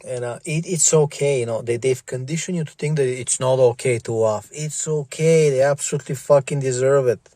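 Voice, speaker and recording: A man's voice: mid-range voice, fairly quick, hardly any pauses, dark tone, no echo. A middle-aged man ranting in a vlog, stammering, swearing and repeating himself. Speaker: vlogger. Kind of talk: profane ranting monologue.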